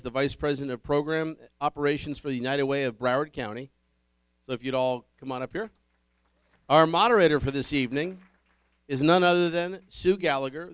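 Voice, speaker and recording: At a public dinner forum, a man with a fairly high, slightly bright voice serves as host. In a clear, resonant and upbeat manner he welcomes the audience, covers the ground rules and introduces the panelists, with no echo audible.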